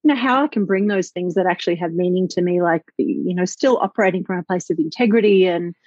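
A woman's voice: lowish voice, fast, a little mellow, dry recording. A woman, a business owner talking reflectively and with enthusiasm in a conversational interview, with many fillers. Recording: slightly dull lo-fi audio.

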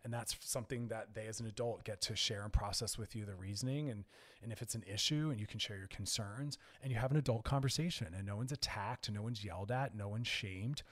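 A man's voice: on the low side, a little fast, fairly bright tone. Frank man hosting a radio advice show. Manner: direct, earnest, coaching listeners with firm hard lines; conversational with frequent "like" and "I don't know". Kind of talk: frank advice talk on air.

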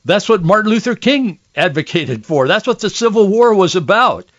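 A man's voice: high-pitched, big pitch swings, moderate pace. A man hosting a political talk show, giving indignant, sarcastic commentary, often restarting his sentences. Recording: dull lo-fi audio.

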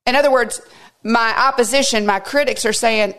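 A woman hosts a devotional podcast, teaching her way through a psalm in an earnest, conversational manner and putting questions directly to listeners. Her voice is a little high and fairly bright, at a moderate pace.

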